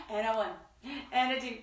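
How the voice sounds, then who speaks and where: A woman's voice: on the high side, lively intonation, a little slow, a bit bright, roomy sound, recorded from a distance. A woman hosting a children's story time, talking to kids in a sing-song, enthusiastic teacher way. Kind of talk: children's read-aloud lesson.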